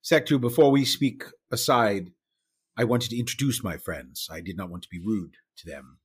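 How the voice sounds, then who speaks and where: A man plays an earnest, loyal adventurer in a tabletop game, speaking formally and sincerely. His voice is very deep with a husky edge. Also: moderate pace.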